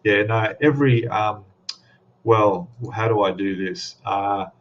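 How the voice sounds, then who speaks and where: A man's voice: on the low side, takes it slowly. An Australian man hosting a casual live stream, rambling along and greeting viewers in the chat one by one, recorded at home on his webcam microphone. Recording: dull lo-fi webcam mic.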